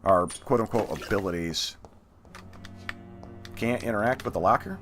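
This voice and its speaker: A man's voice: on the low side, normal speed, fairly bright tone, faint music behind. A man hosting a let's play, giving casual gameplay commentary with chatty, half-muttered asides.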